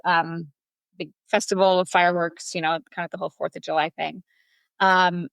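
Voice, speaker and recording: A woman's voice: lowish voice, a bit bright, smooth, no echo. A woman in her thirties, a podcast guest, telling a personal story in a chatty way with many fillers. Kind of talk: storytelling in a casual interview.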